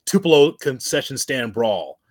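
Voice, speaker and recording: A man co-hosting a casual wrestling podcast, talking in an animated way and acting out quotes with laughter. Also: mid-range voice, measured pace, no echo, studio quality. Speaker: podcast co-host.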